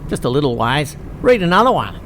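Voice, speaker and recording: A man's voice: fairly high pitch, very animated, brisk, a bit bright, slight background noise. A man hosting a comic sketch, chatting in a blokey, slangy, joking way. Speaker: host.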